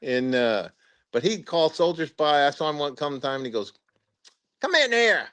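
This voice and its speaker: An older man, a retired army officer being interviewed, telling stories in a rambling, halting way with chuckles. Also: fairly high pitch, smooth. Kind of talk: casual spoken storytelling interview.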